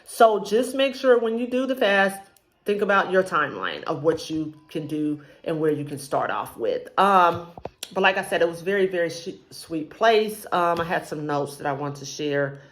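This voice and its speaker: A woman's voice: fairly low pitch, expressive, normal speed. A married woman sharing a personal faith testimony in a casual, rambling way, with frequent ums. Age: adult, married with a child. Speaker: vlogger sharing a faith journey.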